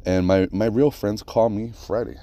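Man, low voice, casual solo podcast host, rambling and swearing, animated storyteller. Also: moderate pace.

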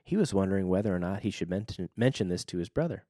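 A man co-hosting a casual podcast, reading a book aloud and chatting with lively laughter. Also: deep voice, quick pace, dry recording, clean studio sound. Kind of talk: casual chat and read-aloud.

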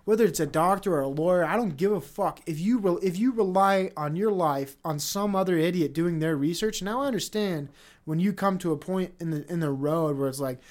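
A podcast host rants off the cuff on his solo show, heated and profane, rambling and restarting his sentences often. His voice is high-pitched and his delivery a little fast, a stream-of-consciousness tirade with no script.

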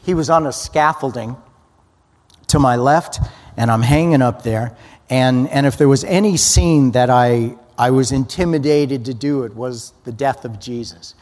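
A man's voice: mid-range voice, a little slow, darkish tone. A man giving an earnest personal testimony as a guest speaker, often restarting his sentences. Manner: earnest storytelling, frequent restarts. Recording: long hall reverb.

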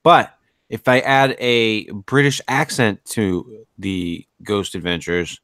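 A man's voice: lowish voice, steady tone, slow pace, fairly bright tone, no room sound. Sarcastic, swearing man, dry sound. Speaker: podcast co-host. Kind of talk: casual chat.

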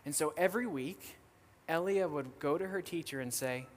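A man's voice: a little high, moderate pace, big-room sound. Young man telling a sermon story. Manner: lively storytelling with casual fillers. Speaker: missionary guest speaker. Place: church sanctuary.

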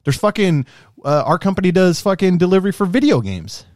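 A man in casual, profane podcast talk, ranting in an animated way and swearing often. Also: high voice, brisk, no echo, clean studio sound. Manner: animated, swearing, rising to shouts when worked up. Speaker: podcast co-host.

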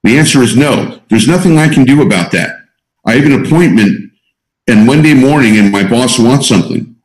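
A man coaching students in a roomy space. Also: medium pitch. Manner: emphatic, repeats key points. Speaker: coach guiding a group of students. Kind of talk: teaching talk to a small group. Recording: roomy echo.

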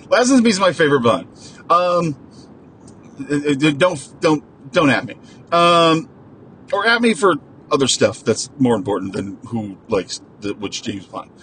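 Man, solo host, unhurried rambling talk, lots of ums and restarts, faint rumble behind. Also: a bit bright, rough recording. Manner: digressive, many fillers and restarts, casual swearing.

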